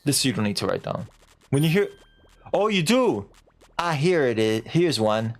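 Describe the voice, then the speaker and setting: Animated chatty male streamer. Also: medium pitch, moderate pace, soft background music. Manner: animated, chatty, self-mocking, breaks into silly put-on voices. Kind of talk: casual let's-play chat.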